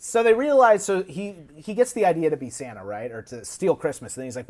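A man with a high, bouncy voice recounts a story as a podcast guest. He talks casually and animatedly, and keeps popping into short put-on character voices as he goes. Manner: animated, recounts plots with quick put-on quotes.

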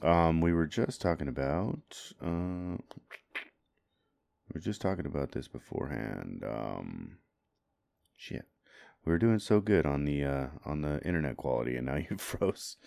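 A man with a very low voice, co-hosting a podcast over a call. He trades sarcastic remarks and laughs along, and his voice sounds dry and close. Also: expressive, measured pace, creaky, a little mellow, no echo. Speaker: podcast co-host. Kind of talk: casual chat.

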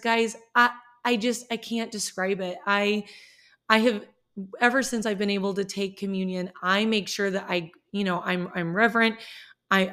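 A woman's voice: medium pitch, fairly bright tone. Earnest woman sharing her faith. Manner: earnest, heartfelt, halting with many restarts. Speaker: middle school teacher sharing her faith. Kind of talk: personal faith vlog.

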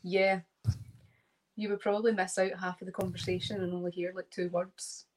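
A young woman with a Scottish accent, chatting lively as a guest on a live video-call interview. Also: fairly low pitch, moderate pace, a little hiss or hum, rough recording. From Scotland. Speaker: interview guest, pageant contestant. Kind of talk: casual live interview chat.

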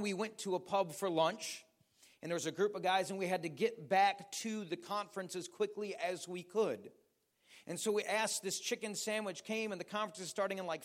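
High-voiced American pastor preaching. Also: male voice. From United States. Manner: animated storytelling, asks the audience questions. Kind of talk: sermon.

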